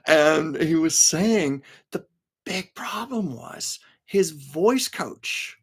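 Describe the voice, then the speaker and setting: A man's voice: fairly high pitch, lively intonation, extremely slow, breathy edge. A man hosting a live stream, telling show-business anecdotes in a casual, chatty way, laughing often and stopping to read viewers' comments aloud. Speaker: livestream host. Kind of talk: casual storytelling to a live chat. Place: home livestream.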